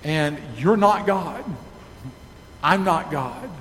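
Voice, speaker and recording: A man pastor giving a sermon in a church, preaching slowly and emphatically and closing in prayer. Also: fairly high pitch, animated, fairly bright tone. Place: church sanctuary. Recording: echoey hall with faint noise.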